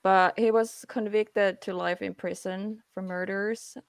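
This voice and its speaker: A Finnish woman with a stuffy nose hosts a casual English live-stream chat, reading from her notes with many fillers. Her medium-pitched voice has fairly even intonation and a measured pace, and the recording is dry.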